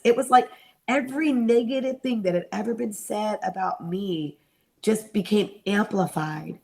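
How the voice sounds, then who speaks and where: A woman's voice: medium pitch, moderate pace, gravelly, darkish tone. A middle-aged woman giving an earnest personal testimony in an interview, acting out the voices she remembers. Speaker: interview guest, mentor and therapist.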